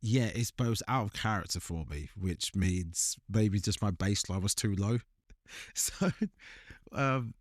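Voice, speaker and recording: A man's voice: lowish voice, a little slow, dry recording, clean studio sound. A young man, a podcast co-host, telling rambling everyday stories in casual chat and laughing through them.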